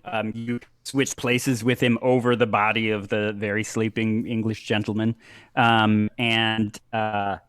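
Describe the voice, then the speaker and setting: Brief: male game master, slow unhurried delivery, fillers and pauses, dry close sound. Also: lowish voice, dry recording. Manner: halting, many ums and uhs, laughs often. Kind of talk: narrating a tabletop wrestling game.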